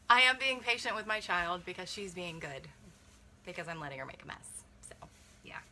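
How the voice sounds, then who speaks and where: Bright, chatty young woman livestreaming. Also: fairly low pitch, moderate pace, a little hiss or hum. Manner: chatty, thinks aloud, hedges and self-corrects. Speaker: brand ambassador unboxing a beauty kit. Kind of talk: casual livestream unboxing, reading viewer comments.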